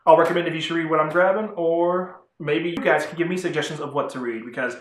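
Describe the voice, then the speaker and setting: A man's voice: on the high side, steady tone, fast, slight background noise. A man rambling through a casual vlog review of comic books, chatty and often correcting himself. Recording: roomy echo.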